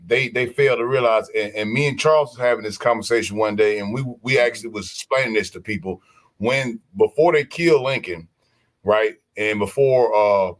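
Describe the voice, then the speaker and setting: A man holding forth on a casual stream, animated and preachy. He restarts his sentences often and keeps circling back to his point. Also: lowish voice. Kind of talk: casual chat.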